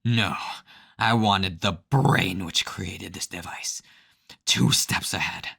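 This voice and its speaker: A man voicing a smug scheming male villain in a slow, gloating, lowered voice. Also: vocal fry, pushed and bright, husky, full character voice.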